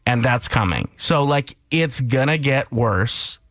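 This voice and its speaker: A man's voice: mid-range voice, slow pace, dry recording. A man from Canada co-hosting a morning radio show, ranting and telling stories in casual chat. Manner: animated, ranting and storytelling.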